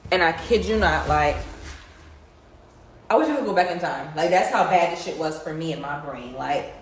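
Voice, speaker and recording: A woman's voice: low voice, animated, moderate pace. A young woman casually telling her viewers an emotional story, rambling with many fillers. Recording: distant, very echoey room, faint noise.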